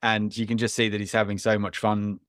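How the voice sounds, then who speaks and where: A man's voice: lowish voice, level tone, brisk, fairly bright tone, no echo, clean studio sound. A man co-hosting a podcast, talking casually and at length about a film, with frequent restarts and small laughs. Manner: rambling, restarts often, chuckles. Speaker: podcast co-host.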